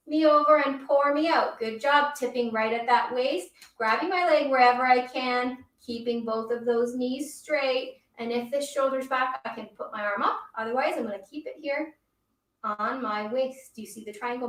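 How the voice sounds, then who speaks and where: A woman's voice: high voice, a bit bright, roomy sound, recorded from a distance. A woman teaching a yoga class for children and reading a picture book aloud, encouraging the kids and calling them her friends.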